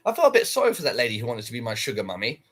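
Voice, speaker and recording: A man's voice: mid-range voice, wildly swooping pitch, very fast, fairly bright tone. A man casually chatting on a livestream, reacting to viewer comments in a blunt, sweary way. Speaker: livestreamer reading chat.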